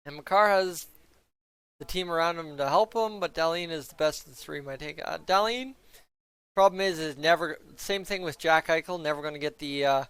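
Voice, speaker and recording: Male fan streamer, casual and rambling, bright clear voice on a dry close headset mic; live chat to viewers. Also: on the high side, normal speed, dry recording. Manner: rambling, talks to the chat, stumbles over names. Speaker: fan streamer reacting to a hockey game. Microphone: headset mic he flips up to mute.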